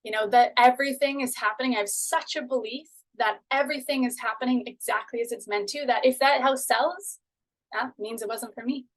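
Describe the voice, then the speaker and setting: A woman's voice: fairly high pitch, a little fast, rough recording. A woman leading a live online manifestation workshop, talking in a chatty, encouraging way full of "you know" and "okay". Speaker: manifestation coach.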